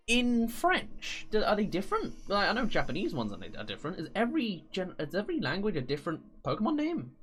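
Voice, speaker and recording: A man's voice: high-pitched, fairly bright tone. A British man streaming a game, chatting playfully and thinking aloud while reading chat. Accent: British English. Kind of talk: casual let's-play commentary.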